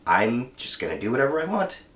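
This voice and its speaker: A man playing a calm, confident male superhero who sets blunt terms, in a casual retelling. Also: medium pitch, brisk. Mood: firm. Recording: roomy room, mic at a distance.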